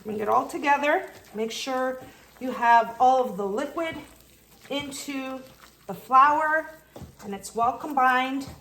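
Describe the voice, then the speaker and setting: Speaking slowly in a high, slightly bright voice, a cooking channel host gives a casual demonstration at home. She chats as she explains every step, a little winded from working the dough.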